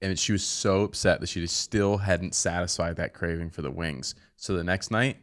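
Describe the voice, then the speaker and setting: A podcast host in his thirties tells a story during a casual chat, speaking at a normal speed. He acts out the quotes with sudden high-pitched outbursts.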